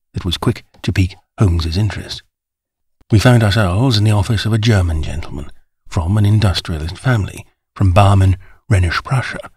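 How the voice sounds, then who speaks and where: A man narrating an audiobook in a measured storytelling manner. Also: sits low, a little mellow, breathy edge, no echo, clean studio sound. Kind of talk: scripted narration.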